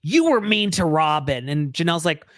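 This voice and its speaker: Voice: medium pitch, animated, normal speed, a bit bright, no echo, studio quality. A podcast co-host in casual chat, sarcastic and profane, who mimics others mid-story. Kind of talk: casual chat recapping a reality show.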